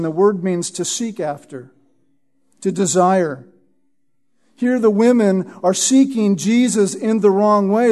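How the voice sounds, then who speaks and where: The sermon is expository, taught verse by verse by a pastor whose voice is high-pitched and mellow. Pauses to ask "Right?" come often, and he repeats words to stress them.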